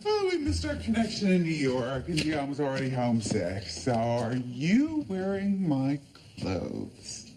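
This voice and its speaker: An actress playing a wealthy homeowner in a TV drama, speaking in a dry, sarcastic way. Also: female voice, sits low, huge pitch swings, measured pace, mellow, a little hiss or hum, heavily acted. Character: sardonic wealthy woman, lady of the house. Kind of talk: TV drama acting. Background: music score.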